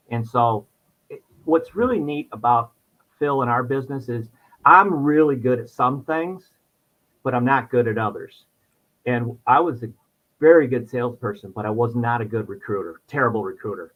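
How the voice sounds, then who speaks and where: A middle-aged man talks on and on as a podcast guest, circling back and restarting his thoughts. His voice sits at an ordinary pitch for a man. The recording sounds muffled and lo-fi. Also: normal speed. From New York. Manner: talkative, rambling, restarts a lot. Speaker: insurance agent, podcast guest. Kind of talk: casual interview chat. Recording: dull lo-fi sound.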